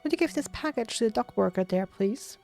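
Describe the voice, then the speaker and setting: A woman's voice: on the high side, expressive, brisk, vocal fry, a little mellow, soft background music. A woman reading as a fussy polite mayor.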